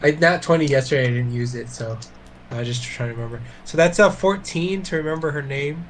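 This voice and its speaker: A man's voice: fairly high pitch, brisk, slight background noise. A man playing in a streamed tabletop game, unsure and thinking aloud as he tries to remember. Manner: unsure, searching for memory aloud. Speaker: player. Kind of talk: casual tabletop game play.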